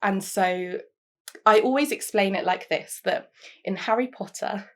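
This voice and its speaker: Young woman, earnest, reflective, mid-pitched, speaking to camera. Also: measured pace. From London, England. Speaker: interviewee. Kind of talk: personal testimony to camera.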